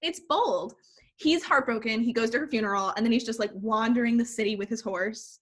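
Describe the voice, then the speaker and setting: A woman's voice: a little high, fairly quick. A woman in casual conversation, animatedly retelling a film plot full of "like" fillers. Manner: animated storytelling, recapping a movie with filler "like". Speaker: podcast co-host. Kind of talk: casual chat.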